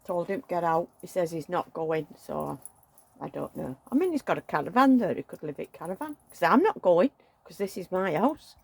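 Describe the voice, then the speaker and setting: A woman's voice: on the low side, lively intonation, a little fast, creaky, a little mellow, dry recording. A middle-aged woman, chatting and venting emotionally while dressing a doll at home. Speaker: doll collector vlogger.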